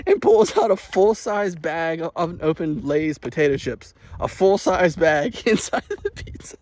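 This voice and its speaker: A man vlogging outdoors on a walk, telling a story in an animated, chatty way and laughing often. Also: fairly high pitch, a little slow, dry recording. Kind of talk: casual chat while walking. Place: outdoors by a field.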